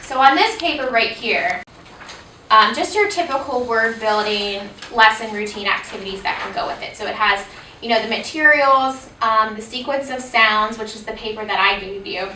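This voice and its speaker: A woman leads a teacher workshop, walking through a reading lesson patiently and dropping in frequent ums. Her voice is bright and sharp. It reaches the mic from across an echoey room. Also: on the high side, moderate pace, distant mic, slight background noise. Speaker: reading instruction presenter.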